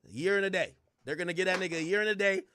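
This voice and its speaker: Loud high-voiced man ranting on stream. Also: very fast, slight background noise. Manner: loud, joking, profane rant. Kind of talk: live reaction commentary.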